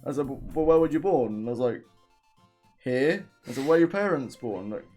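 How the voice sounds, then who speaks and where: A man's voice: medium pitch, animated, brisk, dark tone, soft background music. A young man from England with a southern English accent, chatting casually and joking while streaming a game. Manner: joking, rambling, swears freely.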